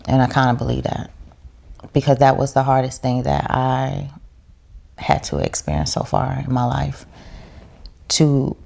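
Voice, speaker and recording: A woman's voice: extremely low pitch, a little slow, vocal fry, pauses often, darkish tone. A woman, a podcast guest, telling her story in casual chat in a heartfelt, reflective way.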